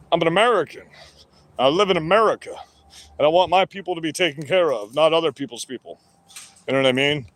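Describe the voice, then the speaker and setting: A man ranting alone to the camera in a combative, heavily profane monologue. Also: sits high. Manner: profane, combative, heavy swearing. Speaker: vlogger. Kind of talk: angry monologue rant.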